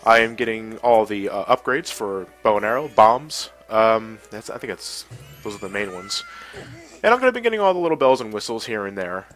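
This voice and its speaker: A man's voice: fairly low pitch, lively intonation, brisk, a bit bright, faint music behind, low-quality recording. A man with a stuffy cold, casually commenting on a game livestream, chatty and reading the chat aloud. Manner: chatty, laughs often, reads chat aloud. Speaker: livestream host.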